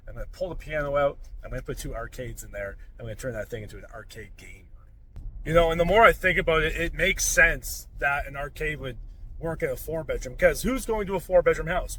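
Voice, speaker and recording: A man's voice: a little high, pushed and bright. Upbeat chatty man vlogging. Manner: upbeat, chatty, thinking aloud. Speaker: vlog host and short-term rental owner. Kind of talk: casual vlog talk to camera. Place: indoors in rental houses, moving around.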